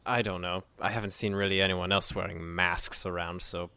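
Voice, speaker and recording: A man's voice: low-pitched, little pitch movement, a little fast, vocal fry, sharp tone, clear, resonant tone, dry recording. A man playing a tabletop game, hesitant and sighing. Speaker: player.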